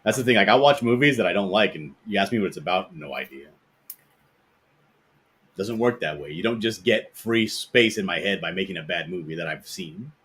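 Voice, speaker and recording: A man hosting a casual podcast chat, telling stories in a rambling, animated way. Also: low voice, fairly quick, slightly rough.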